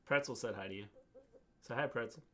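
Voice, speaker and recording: A man's voice: medium pitch, fairly quick, fairly bright tone. A middle-aged man co-hosting a livestream, joking around and playfully coaxing a small child to speak. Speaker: co-host, the host's father. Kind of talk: casual livestream chat.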